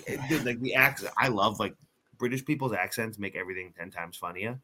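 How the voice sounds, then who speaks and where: A man's voice: fairly low pitch, brisk, background noise. Guy on a podcast just shooting the breeze, cracks jokes, swears a lot, lots of ums. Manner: loose, joking, swears freely, trails off with fillers. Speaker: podcast co-host. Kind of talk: casual chat.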